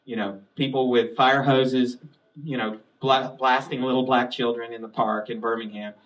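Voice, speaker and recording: A middle-aged man from the US South and Midwest tells anecdotes in a chatty, easy way, often breaking into laughter. His voice sits at an ordinary pitch. It is picked up by a distant mic at a live library talk. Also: fairly even intonation, normal speed, a bit bright, muffled recording. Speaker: author on a panel. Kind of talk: storytelling conversation. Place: public library event room.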